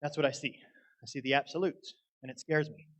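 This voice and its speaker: A man's voice: mid-range voice, a little fast, a bit bright, low-quality recording. A young man preaching a sermon, folksy and earnest as he tells a story. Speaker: guest preacher.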